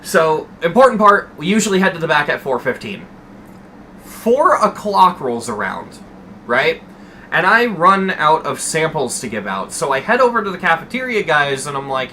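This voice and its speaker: Bright-voiced young man swearing through a story. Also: a little high, moderate pace, slight background noise. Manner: swears freely, animated and rambling. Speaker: streamer. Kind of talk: casual storytelling to stream chat.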